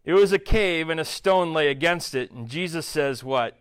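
A man's voice: a little high, normal speed, clean tone. A man preaching a casual sermon, reading scripture and breaking in with jokey, conversational asides. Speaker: pastor.

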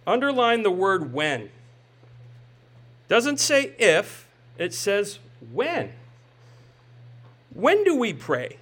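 High-voiced man preaching conversationally. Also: wildly swooping pitch, extremely slow, pauses often, a bit bright. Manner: conversational preaching with rhetorical questions and tag "right?". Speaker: pastor. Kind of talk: sermon.

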